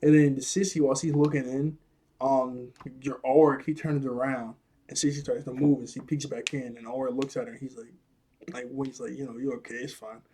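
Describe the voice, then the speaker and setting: Dude chatting thru a cartoon recap, laughs a lot, kinda husky, soft mellow tone. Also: male voice, mid-range voice, little pitch movement, a little fast. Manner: chatty and rambling, laughs often, slangy. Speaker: cartoon episode reviewer. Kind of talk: casual recap commentary.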